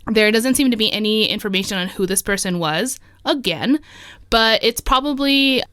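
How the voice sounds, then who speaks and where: A woman's voice: medium pitch, moderate pace, clean tone, no room sound. Laughing woman podcaster, dry close sound. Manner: chatty, laughs often, relaxed storytelling. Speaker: podcast host. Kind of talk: casual chat telling ghost stories.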